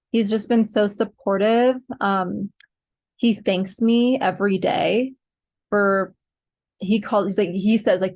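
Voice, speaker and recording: Chatty young woman with vocal fry. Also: medium pitch. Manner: chatty, many fillers, giggly. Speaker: podcast host sharing pregnancy updates. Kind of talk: casual chat to viewers.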